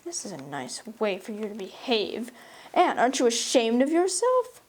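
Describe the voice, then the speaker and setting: A stern, dry older woman, as a reader puts her on for a storybook, reproving and measured. Her voice is mellow and soft-edged, close to the reader's own and a touch lower and quieter. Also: natural voice, low-quality recording. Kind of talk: audiobook reading.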